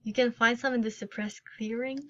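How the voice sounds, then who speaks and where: A woman voicing a hurried, busy young woman of the guard, on a lo-fi recording. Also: fairly high pitch, steady tone, sharp tone.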